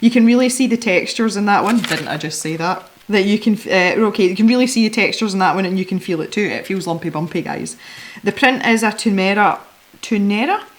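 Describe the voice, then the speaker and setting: A woman's voice: mid-range voice, a little fast, slight background noise. Giggly chatty woman unboxing art supplies. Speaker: art supply channel host. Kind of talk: casual unboxing chat.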